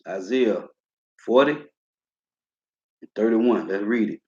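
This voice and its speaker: A man leads a scripture study like a sermon, drawing out each verse with slow emphasis before slipping back into loose, casual asides. His voice sits at a middle pitch. The recording is roomy and slightly muffled. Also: expressive. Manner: reads verses slowly and emphatically, tags lines with a casual filler. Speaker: scripture teacher. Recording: roomy, dull lo-fi sound.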